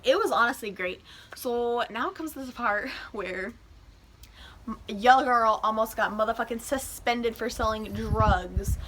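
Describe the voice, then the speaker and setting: A teenage girl telling a casual storytime to her phone camera, animated and swearing freely as she acts out the people in it. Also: a little high, a little slow. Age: teens. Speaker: vlogger.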